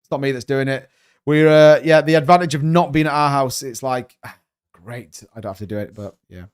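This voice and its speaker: A young man hosting a crypto live stream, talking fast and excitedly in a rambling, casual way while reading viewer comments. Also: mid-range voice, clean tone.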